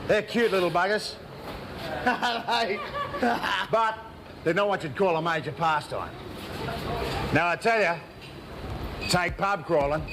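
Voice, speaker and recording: A man's voice: sits high, slow, long pauses, noisy background. A man with an Australian accent cutting a brash, slangy wrestling promo voice-over.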